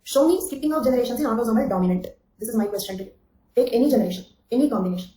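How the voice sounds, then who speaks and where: A woman's voice: a little high, rapid-fire, warm tone, echoey room, slight background noise, rough recording. A woman giving an online exam-coaching lecture, repeating key phrases, checking with "okay?" and calling on students by name. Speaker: anthropology teacher.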